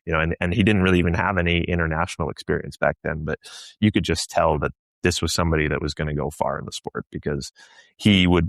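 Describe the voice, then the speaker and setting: A man's voice: low voice, creaky, no echo. A man from Canada, a show jumping guest, talking reflectively in a casual podcast chat with frequent restarts. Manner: reflective, many restarts and fillers.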